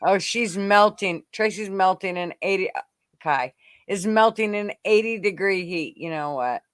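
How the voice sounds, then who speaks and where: A man's voice: sits high, moderate pace, fairly bright tone, clear, resonant tone, no room sound, clean studio sound. An older man and grandparent hosting a casual livestream chat, gushing and giggly, rambling as he talks.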